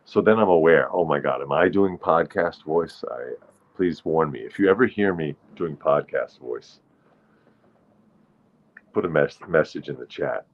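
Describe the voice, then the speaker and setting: A man hosting a casual solo livestream, chatting in a rambling way with viewers in the chat and now and then singing slowly to a ukulele. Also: a bass voice, animated, muffled recording. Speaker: livestream host.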